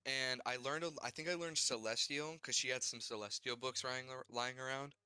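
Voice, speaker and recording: A young man recapping his tabletop game character's backstory, halting, with many fillers and restarts. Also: mid-range voice, fairly even intonation, bright, forceful tone, clear, resonant tone, dry recording. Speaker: player.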